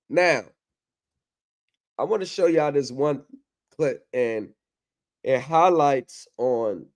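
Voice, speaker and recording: A man's voice: medium pitch, takes it slowly, long pauses, a little mellow. A man hosting a livestream in casual chat, loose and profane in his banter. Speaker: livestream host.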